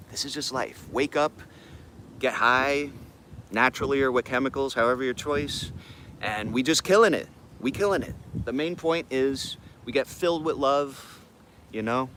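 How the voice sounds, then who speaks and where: A man with an ordinary middle-pitched voice hosts a live morning affirmation stream. He talks in relaxed, slangy bursts and keeps looping back to the same phrases. Faint traffic hums in the background. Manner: laid-back slang, greets chat viewers by name. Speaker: livestream host.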